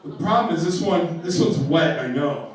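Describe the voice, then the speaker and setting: A man telling a funny story on stage, animated and often laughing, acting out his own panic. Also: moderate pace, heavy background noise. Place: live venue with audience. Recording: booming echoey hall from far off with audience.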